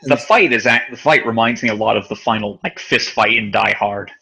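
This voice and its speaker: A man's voice: on the low side, fairly quick, creaky, pushed and bright. A man hosting a podcast in casual chat, blunt and wry, swearing freely. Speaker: podcast host.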